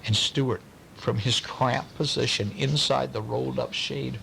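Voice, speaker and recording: A man reading a bedtime story aloud to a child, pausing to ask questions in a playful way. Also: medium pitch, steady tone, vocal fry, pushed and bright, slight background noise, low-quality recording.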